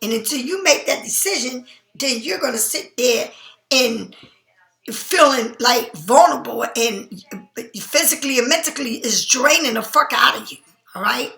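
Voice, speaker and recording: This woman's voice is high and gravelly, with lively intonation, a sharp tone, normal speed, and a roomy sound. She's a blunt, sleepy tarot reader who yawns, swears freely, and speaks emphatically while doing a casual reading for viewers.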